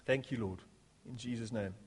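A man's voice: medium pitch, moderate pace, breathy edge. A man leading a church service, praying and preaching in a jokey manner that rises to fervent delivery. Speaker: pastor. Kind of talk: sermon with prayer.

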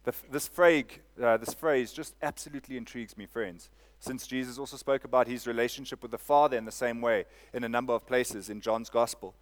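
A man's voice: mid-range voice, fairly even intonation, brisk. A man preaching a sermon, repeating phrases and asking "Amen?" of the congregation. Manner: preaching with call-and-response "Amen?" and repetition. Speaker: pastor.

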